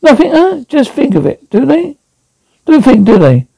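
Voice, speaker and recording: A man's voice: very high-pitched, huge pitch swings, normal speed, gravelly, dark tone, husky, no room sound, pitched above the performer's own voice, exaggerated voice. A man playing a roaring dim battle machine. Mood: furious. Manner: blustering, roaring, easily riled. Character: huge dim-witted angry male battle machine.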